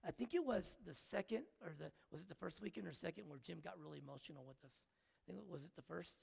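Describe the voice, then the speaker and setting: A man with a gravelly, husky voice tells a story from the pulpit, earnest and emotional, often stopping to restart his thoughts. His voice sits a little high and carries a long reverb from a church sanctuary. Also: fast, darkish tone. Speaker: preacher. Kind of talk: sermon storytelling.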